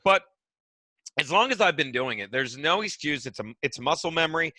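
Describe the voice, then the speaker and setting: Middle-aged comedian dude, high bright voice, swears a lot, dry close mic. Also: male voice, expressive, brisk, no room sound. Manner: profane, rambling storyteller. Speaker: guest comedian and radio host. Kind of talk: casual podcast chat.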